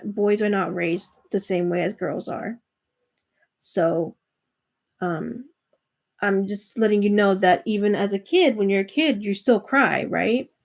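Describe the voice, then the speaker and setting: A woman giving a live tarot reading, speaking gently and reassuringly to a viewer, with frequent fillers and restarts. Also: mid-range voice. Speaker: tarot reader and spiritual coach hosting a live reading. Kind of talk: live-stream chat with viewers.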